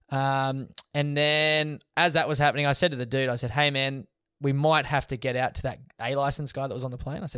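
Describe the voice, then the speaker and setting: A young man telling a story in a relaxed podcast chat, swearing often and laughing as he goes. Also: mid-range voice, fairly quick, no room sound, clean studio sound. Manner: laid-back, swears often, laughs through stories. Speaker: guest.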